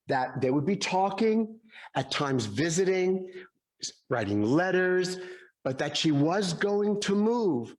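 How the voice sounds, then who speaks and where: A man in his sixties giving a Sunday sermon, telling stories gently and acting out the dialogue in them. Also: a little high. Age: 60s. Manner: gentle storytelling, acts out dialogue in quotes. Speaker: speaker at a Sunday service.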